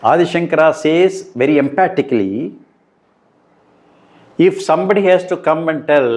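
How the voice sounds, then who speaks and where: A middle-aged man, giving a slow, deliberate spiritual talk that turns emphatic on key points. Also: a little high, a little mellow. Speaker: spiritual teacher. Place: room indoors.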